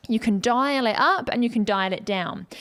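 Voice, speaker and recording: A woman's voice: fairly high pitch, normal speed, fairly bright tone. Playful female vocal coach. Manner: playful, demonstrates vocal sounds mid-explanation. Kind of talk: reaction video commentary.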